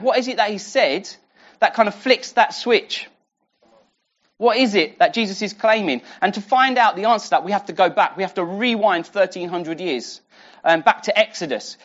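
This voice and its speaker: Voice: mid-range voice, dull audio. A preacher teaching a Bible passage in a conversational sermon, full of restarts and rhetorical questions.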